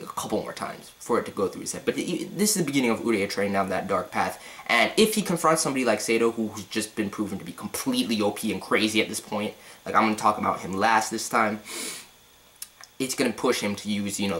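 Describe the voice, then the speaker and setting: Man, casual manga review rant, excitable, slangy, swears a lot, drops to near-whispers. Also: lowish voice, rough recording. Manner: excitable, profane, slangy, swings between loud and hushed.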